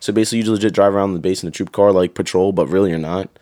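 A young man telling stories in a casual chat, animated and swearing, acting out drill instructors. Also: low-pitched, rapid-fire, no echo, clean studio sound. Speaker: guest.

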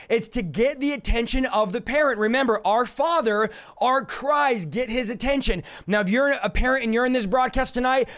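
A man preaching a sermon in a loud, impassioned way. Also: extremely high pitch.

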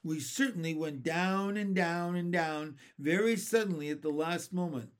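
A man's voice: on the high side, moderate pace, close to an everyday voice. A man reading a children's book aloud, voicing a gloomy, fretful male earthworm who speaks in a complaining way.

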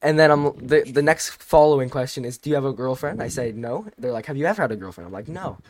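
A teenage man casually telling a long story on a podcast, rambling and animated, with many restarts. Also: medium pitch, fast. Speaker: podcast co-host.

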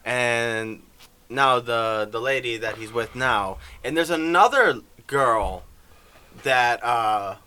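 A man's voice: medium pitch, slow, pushed and bright, smooth. A young man co-hosting a podcast in casual chat, crude and chatty, laughing a lot. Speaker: podcast co-host.

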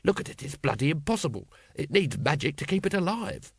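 A man voicing a gruff, bitter city watch captain who talks in a low, grumbling growl. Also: big pitch swings, fairly quick, no room sound, studio quality, full character voice.

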